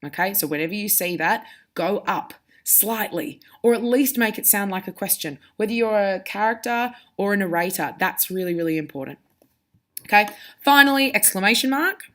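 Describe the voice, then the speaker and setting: A woman's voice: mid-range voice, animated, normal speed, fairly bright tone. Woman teacher explaining reading aloud. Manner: explanatory, demonstrative. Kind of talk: reading lesson for pupils.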